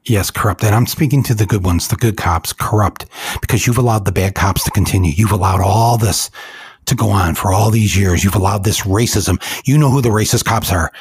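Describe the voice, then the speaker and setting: Man, husky, low-pitched, dry close sound, angry commentary. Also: a little fast, no echo. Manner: angry, emotional, accusatory. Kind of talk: impassioned commentary.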